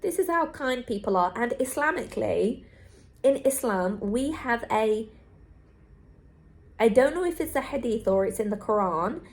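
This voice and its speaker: A woman's voice: fairly high pitch, lively intonation, normal speed. Earnest woman vlogging to camera. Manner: earnest, repetitive, heartfelt. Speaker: travel vlogger. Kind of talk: candid vlog monologue to camera.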